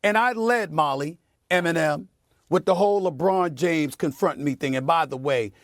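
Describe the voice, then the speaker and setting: A middle-aged man hosting a sports debate show, making his point with forceful, preachy repetition in a TV studio. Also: a little high, moderate pace, dry recording. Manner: emphatic and preachy, repeats phrases for effect. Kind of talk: heated on-air sports commentary.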